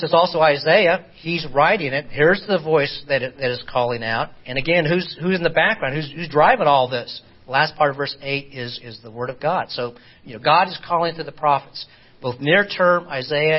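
A man teaching an informal Bible study lesson, halting and repeating words as he asks his class rhetorical questions. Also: a little high, slightly rough. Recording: dull lo-fi recording.

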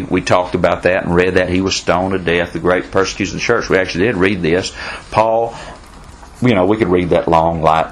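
A man's voice: low-pitched, poor audio. A man teaching a Bible study class in a folksy way, repeating himself and answering questions from the class.

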